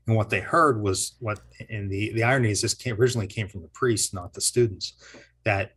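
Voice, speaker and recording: Husky-voiced historian spinning a ghost story. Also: male voice, fairly low pitch, a little fast, a bit bright. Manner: rambling, self-correcting, chuckles often. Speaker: historian and teacher. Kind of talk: casual interview storytelling.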